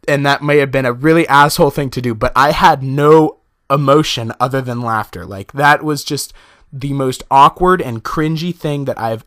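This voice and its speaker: A man's voice: mid-range voice, fairly bright tone, no room sound, clean studio sound. A young man casually telling a personal story to his viewers, chatty and laughing often, with many fillers. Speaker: vlogger.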